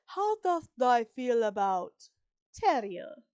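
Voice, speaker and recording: A cold, scheming witch, as a woman reading the book aloud puts her on speaks with dark relish. She sounds commanding and pleased with herself, in a storybook reading. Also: on the high side, very animated, takes it slowly, clean tone, no echo, lo-fi sound.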